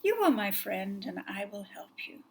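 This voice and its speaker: A woman storyteller voicing a gentle, kind white cat queen who speaks in a soft, hushed, reassuring way. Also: medium pitch, sing-song, normal speed, creaky.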